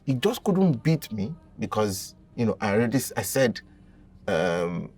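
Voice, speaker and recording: A young Nigerian man tells a comic confession with a dramatic, animated storyteller's flair. His voice sits low with a gravelly edge. He is a little far from the mic, with music playing softly behind. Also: fairly quick. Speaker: guest.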